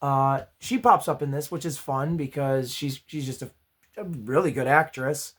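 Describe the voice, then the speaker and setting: A man hosting his own movie review channel, chatty and upbeat with self-deprecating asides, his voice going hoarse. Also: medium pitch, moderate pace, fairly bright tone. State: losing his voice. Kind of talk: casual spoken movie review.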